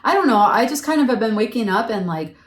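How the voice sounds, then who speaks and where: A middle-aged woman chatting earnestly as a podcast guest, explaining at length with lively asides. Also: fairly high pitch, fast talker. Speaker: podcast guest, friendship workshop leader. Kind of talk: casual conversational chat. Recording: roomy and a bit far from the mic.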